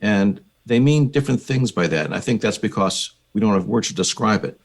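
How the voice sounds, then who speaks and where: An older American man speaks in a low, gravelly voice. He talks in a measured, reflective way, like a guest psychiatrist recalling his work on a podcast. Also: animated. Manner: measured, reflective storytelling with occasional fillers. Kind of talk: conversational podcast interview.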